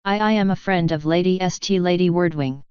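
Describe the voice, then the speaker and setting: A woman's voice: fairly low pitch, fairly quick, clear, resonant tone, no room sound, lo-fi sound, close to an everyday voice. A woman reading a haughty young griffin lady. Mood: flustered. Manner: affected, haughty, flustered when caught. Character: young female griffin, pretentious social climber.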